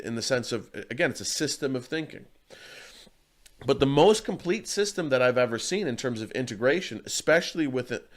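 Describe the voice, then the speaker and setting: An earnest man talks about martial arts in a casual interview, with a voice of ordinary pitch. He rambles through stories, often restarting his sentences.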